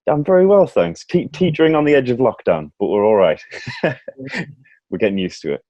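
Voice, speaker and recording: A man's voice: mid-range voice, sing-song, fairly quick, mellow, no echo, dull audio. A man hosting a casual sports podcast, chatty and self-mocking, laughing often. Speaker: podcast host.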